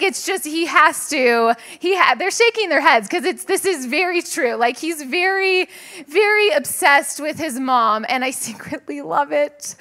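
Woman pastor, chatty sermon voice, high and bright, laughs easily, preaching to a live congregation. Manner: chatty, laughs often, lively asides to the congregation. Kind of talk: conversational sermon with personal stories. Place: church sanctuary with a live congregation.

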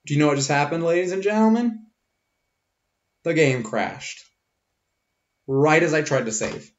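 A man's voice: on the high side, measured pace, long pauses, highs cut off. A man giving jokey, crude live commentary while streaming a video game. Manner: jokey, crude, animated reactions. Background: game music.

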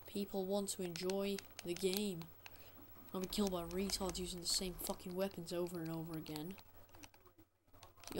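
A man's voice: sits high, a little hiss or hum. A man giving an angry, profanity-heavy rant as gameplay commentary, sounding exasperated throughout. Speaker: gaming channel host.

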